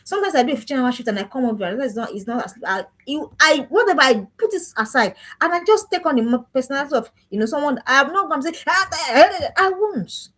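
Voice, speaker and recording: A woman's voice: high voice, lively intonation, quick pace, hardly any pauses, a bit bright. A woman giving an emphatic, preachy parenting talk with lots of repetition. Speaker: parenting coach.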